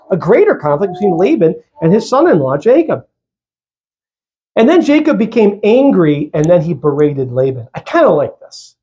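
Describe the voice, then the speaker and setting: A male pastor preaching a sermon in a church, lively and conversational, with jokey asides. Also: high-pitched.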